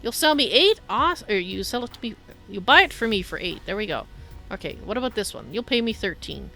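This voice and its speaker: A woman's voice: medium pitch, big pitch swings, a little fast, vocal fry, pushed and bright, faint music behind. Chatty woman streaming a game. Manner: chatty, apologetic, reads chat aloud. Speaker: livestreamer. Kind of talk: casual gameplay commentary.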